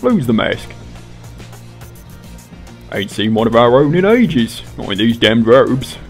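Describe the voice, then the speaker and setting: Uomo che fa un demone spaccone dall'accento del West Country. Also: male voice, medium pitch, big pitch swings, slow, faint music behind. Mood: taunting. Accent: West Country English. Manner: boastful, taunting drawl. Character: massive swaggering male demon, brash and mocking.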